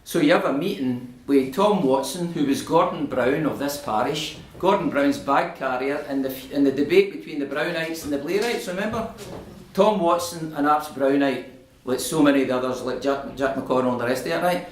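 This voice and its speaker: A middle-aged Scottish man speaking to an audience in a community hall, animated and argumentative as he answers their questions. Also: fairly high pitch, moderate pace, a little hiss or hum. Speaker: invited political speaker. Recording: echoey room.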